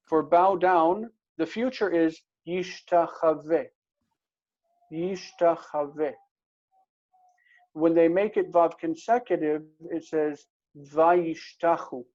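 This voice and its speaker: A man teaching a casual Hebrew grammar lesson, explaining step by step and repeating words slowly. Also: on the high side, a little mellow. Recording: dull lo-fi recording.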